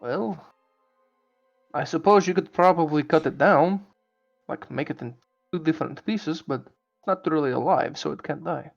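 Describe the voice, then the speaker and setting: A man's voice: fairly high pitch, normal speed, creaky, pauses often, lo-fi sound, soft background music. A man playing in a tabletop game who jokes and laughs often. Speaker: player. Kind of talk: casual game chat.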